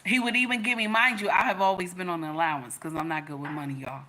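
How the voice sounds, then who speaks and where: A woman's voice: lowish voice, fairly even intonation, fast, sharp tone. A woman giving relationship advice through a personal story, emphatic, repeating lines and calling her listeners y'all and baby.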